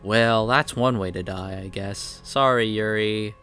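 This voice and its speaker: A man's voice: fairly low pitch, a little slow, fairly bright tone, soft background music. A man casually recapping and reviewing comic chapters, rambling along with plenty of "like" and "you know".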